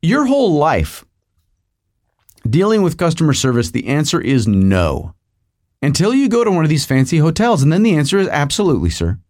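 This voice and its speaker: A man's voice: on the high side, wildly swooping pitch, moderate pace, darkish tone. A middle-aged man hosting a podcast, telling a rambling comic story with digressions and asides to the listener. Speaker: podcast host.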